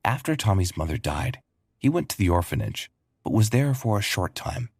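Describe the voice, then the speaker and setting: A man with a husky voice narrating a scripted story. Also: fairly low pitch, very animated, normal speed, darkish tone, no echo, studio quality.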